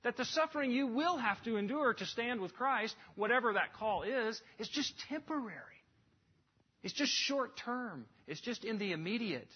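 A man preaching a sermon, earnest and emphatic, swinging between lifted passages and hushed drops. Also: extremely high pitch, lively intonation, normal speed, breathy edge. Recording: dull lo-fi recording.

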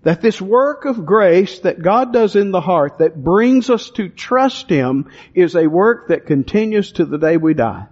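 A man preaches from the pulpit, his voice sitting a little high for a man. He reads verses slowly, leaning hard on single words, then drops into plain, direct talk with his listeners. The recording is dull and lo-fi. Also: animated, darkish tone. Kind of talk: expository sermon.

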